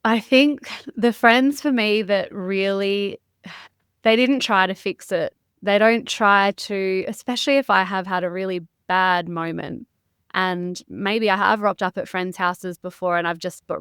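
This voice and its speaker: A woman's voice: mid-range voice, steady tone, measured pace, a bit bright, clear, resonant tone, no room sound. A woman, a podcast guest talking openly and emotionally, close to tears, with some frank swearing. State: near tears. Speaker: podcast guest, mindset educator. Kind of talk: candid interview conversation.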